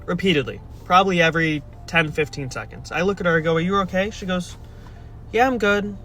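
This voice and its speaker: A young man with a high, bright voice tells a casual storytime. His delivery is wry and exasperated, with a deadpan edge. Faint music runs underneath. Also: fast. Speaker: storyteller in a played video clip.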